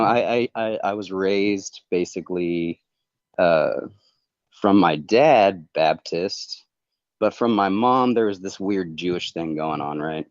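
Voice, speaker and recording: A man talking earnestly and casually on a livestream call, halting and rambling with many restarts. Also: low voice, no room sound. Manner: earnest, confessional. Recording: dull, dry lo-fi call audio.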